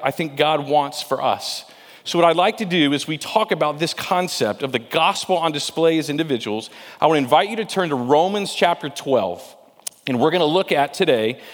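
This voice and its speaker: A man's voice: a little high, long reverb tail. A man preaching a sermon in a conversational way, asking rhetorical questions and often repeating words as he goes. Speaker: pastor.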